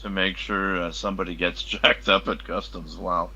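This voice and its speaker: Casting: man, lowish voice with a bright, forceful edge, halting restarts, casual chat. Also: highs cut off. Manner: hesitant starts, then animated. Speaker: podcast guest, former customs officer.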